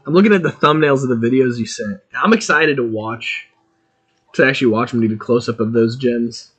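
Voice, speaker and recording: A man streaming a video game, chatting casually and excitably while thinking aloud about what he is doing. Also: mid-range voice, a little fast, husky. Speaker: gaming streamer.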